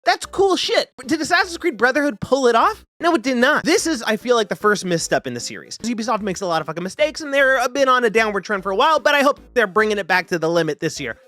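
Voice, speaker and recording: A man's voice: fast talker, few pauses, no room sound. A man hosting a gaming video, giving loose, profane commentary as he ranks games. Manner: animated, profane, swings pitch freely. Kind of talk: casual ranking commentary.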